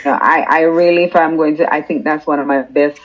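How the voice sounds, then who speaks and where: A woman's voice: deep voice, steady tone, fast talker, dull audio. A Jamaican woman, a singer-songwriter, talking earnestly and emphatically in a casual interview, often repeating words as she builds a point.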